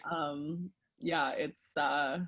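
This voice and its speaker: A woman's voice: sits low, fairly even intonation, extremely slow, a bit bright. A middle-aged Canadian woman, a guest therapist on a podcast, chatting directly and laughing often. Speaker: guest sex researcher and therapist. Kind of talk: casual podcast interview.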